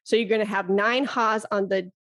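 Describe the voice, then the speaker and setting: A woman flute teacher talking on a podcast in an animated way, laughing often and demonstrating breath sounds. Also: mid-range voice, moderate pace. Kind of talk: casual podcast conversation.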